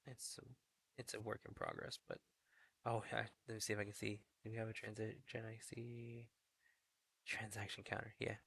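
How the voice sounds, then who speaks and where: A young man streaming a fantasy football update in casual chat, talking low and half-whispered in a hallway indoors. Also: lively intonation, normal speed, creaky, a bit bright, a little hiss or hum. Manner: low, half-whispered talk, chatting with viewers.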